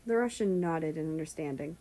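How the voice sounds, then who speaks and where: A woman narrates a fan fiction story in an even, storytelling voice. Her pitch sits low for a woman and stays steady. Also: fairly quick, rough recording. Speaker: story reader. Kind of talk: reading fan fiction aloud.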